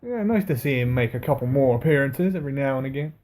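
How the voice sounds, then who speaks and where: A man's voice: medium pitch, lively intonation, fast talker, darkish tone. A man co-hosting a wrestling recap, chatty and joking, asking questions and guessing at storylines. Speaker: podcast co-host. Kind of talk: casual wrestling recap chat.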